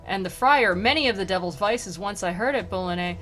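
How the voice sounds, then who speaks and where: A woman's voice: mid-range voice, fairly quick, a bit bright. Chatty woman streamer, wry and rambly, reading and retelling, faint music behind her. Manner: chatty, filler-heavy, wry. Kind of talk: casual retelling mixed with reading aloud.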